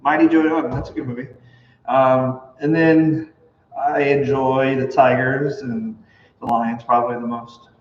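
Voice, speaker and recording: A man's voice: mid-range voice, little pitch movement, unhurried, a little hiss or hum. A man, a pastor, chatting casually and rambling with lots of likes and you knows. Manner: rambling, many fillers and restarts. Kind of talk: casual chat. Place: church hall. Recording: echoey hall, far from mic, dull.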